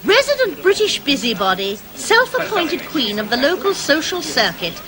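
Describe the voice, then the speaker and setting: A wry, teasing diplomat. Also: female voice, sits high, big pitch swings, normal speed, a crowd in the background. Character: wry, mischievous British woman diplomat. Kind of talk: 1980s TV sitcom acting. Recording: noisy old TV recording.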